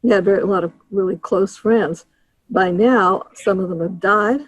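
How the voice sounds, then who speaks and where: A woman's voice: mid-range voice, moderate pace, no room sound, rough recording. A woman who runs a dog breed federation, talking in a rambling way and restarting her sentences on a call. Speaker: dog breed club organizer.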